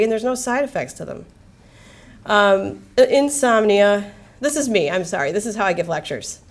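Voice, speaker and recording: A woman physician giving a medical lecture in a casual, candid, lively way, full of slang and asides. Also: mid-range voice. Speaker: palliative care physician.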